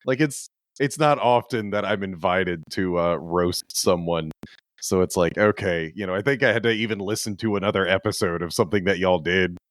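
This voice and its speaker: A man's voice: deep voice, normal speed. A man appearing as a podcast guest in casual chat, laughing often as he retells a story in an easygoing way.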